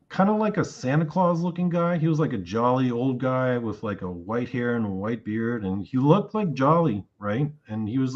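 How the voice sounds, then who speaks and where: A mid-range male voice comes through with the highs cut off. The speaker, an interview guest, chats casually through a long dream he had, retelling it with animation and acting out what he said.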